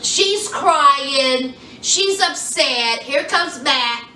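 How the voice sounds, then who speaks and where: With an extremely slow, expressive delivery, a woman sassily recaps a reality show for her audience, tossing in "y'all" and "honey" as she chats. Her voice is high, bright and forceful. The recording has some hiss or hum, echo from the room, and a mic set a bit away from her.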